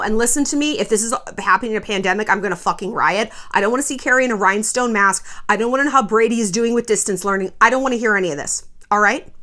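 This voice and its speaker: A woman's voice: a little high, a bit bright. A woman in her thirties, a vlogger ranting about pop culture in a sassy, profane way, putting on mocking voices for quotes. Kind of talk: casual pop-culture rant.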